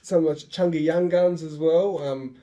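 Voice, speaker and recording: Mellow Australian man on a footy panel. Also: on the high side, fairly even intonation, moderate pace, rough recording. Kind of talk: casual sports panel chat.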